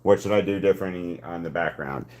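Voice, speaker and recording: A man casually chatting to live-stream viewers while he paints, rambling and self-deprecating, talking to his chat between pauses. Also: low-pitched.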